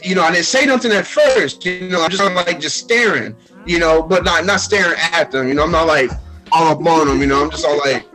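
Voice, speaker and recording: A young man from Texas tells a story in a loose, excited way, jumping up in pitch whenever he quotes someone. His voice sits a little higher than most men's, and faint music plays under the talk. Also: a little fast, rough recording. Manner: animated, acts out quotes, many fillers and restarts. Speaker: podcast guest. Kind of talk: casual storytelling chat.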